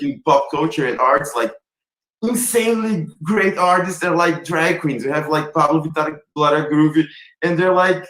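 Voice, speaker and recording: This Brazilian guest at a virtual film Q&A has a fairly high-pitched voice and rambles animatedly, describing himself as extravagant. The audio is poor and reverberant.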